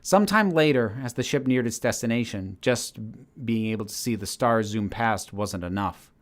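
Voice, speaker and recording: A man narrating a story aloud in a steady, measured reading manner. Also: lowish voice. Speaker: channel host reading his story. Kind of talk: audiobook-style story narration.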